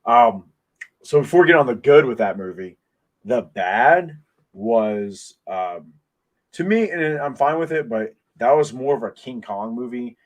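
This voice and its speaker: A man hosting a casual podcast, talking in an excitable, rambling way full of restarts, into a desk mic. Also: mid-range voice, measured pace, dull audio. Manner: excitable, rambling fan talk with many restarts. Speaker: podcast host. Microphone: desk microphone.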